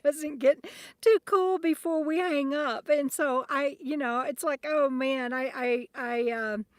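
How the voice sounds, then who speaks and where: A woman's voice: sits high, no echo. A woman chatting casually on an outdoor livestream, greeting viewers by name and often trailing off with ums. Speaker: livestream host. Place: outdoors at a campsite. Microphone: phone camera at arm's length.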